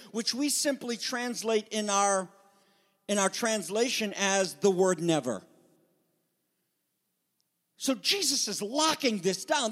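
A man preaching a sermon with passion, moving between loud emphatic peaks and hushed, intimate asides. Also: sits high, big-room sound. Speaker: pastor.

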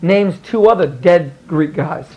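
A man's voice: sits high, a little slow, darkish tone, highs cut off. A male history teacher telling a story to his class in a chatty, rambling way. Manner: chatty, rambling, many fillers and restarts.

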